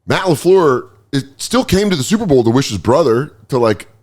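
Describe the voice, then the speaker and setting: Animated man telling a comic story. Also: medium pitch, brisk. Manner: animated storyteller, acts out quoted people with voices. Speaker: podcast host. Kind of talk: casual comedic chat.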